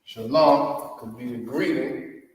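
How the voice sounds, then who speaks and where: A man's voice: medium pitch, takes it slowly, slight background noise. A man with a Southern US accent teaching a language class, drawling and repeating words with "you know what I mean?", recorded from far off in a large echoey room. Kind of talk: language lesson at a whiteboard.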